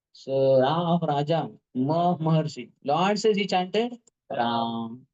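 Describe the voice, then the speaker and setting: A man speaking at a devotional class gives a talk in a slightly high voice, with the high frequencies cut off. He's an animated storyteller who repeats words rhythmically and asks his listeners questions.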